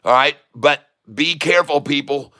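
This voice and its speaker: A man's voice: fairly high pitch, normal speed, pushed and bright. A man live-streaming day-trading commentary, joking with chat and laughing often, then repeating urgent warnings to viewers. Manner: jokey, laughs often while reading chat.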